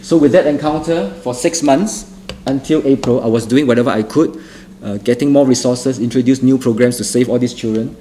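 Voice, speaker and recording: A middle-aged man from Singapore, giving an earnest spoken testimony that repeats phrases for emphasis and restarts in halting bursts. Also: mid-range voice, dark tone, slight background noise. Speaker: testimony speaker.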